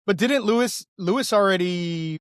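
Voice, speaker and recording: High-voiced man with wry quips. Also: normal speed, smooth, dry recording, studio quality. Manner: wry quips, casual swearing. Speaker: podcast co-host. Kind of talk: casual movie chat.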